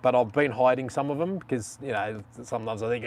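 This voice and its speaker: A man's voice: mid-range voice, quick pace, darkish tone. A man with an Australian accent hosting a casual live stream, chatting and rambling in slang.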